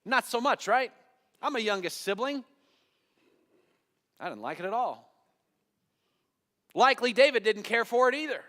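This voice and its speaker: Pastor with lively, dramatic delivery. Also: male voice, very high voice, moderate pace, pauses often. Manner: dramatic storytelling, acting out biblical voices, asking the congregation questions. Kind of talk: sermon. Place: church sanctuary. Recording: long hall reverb of a church.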